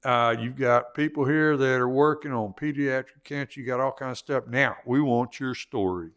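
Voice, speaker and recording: A middle-aged man hosting a radio interview, folksy and relaxed with a lot of laughing. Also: mid-range voice, normal speed. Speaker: radio show host. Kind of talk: casual interview.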